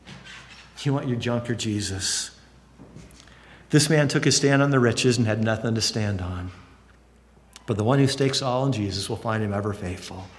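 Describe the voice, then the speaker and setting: A man preaching a sermon, lively and expressive, acting out excited voices now and then. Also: moderate pace, long pauses, slight background noise. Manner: animated, acts out excited voices with big pitch jumps. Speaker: pastor. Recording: long hall reverb.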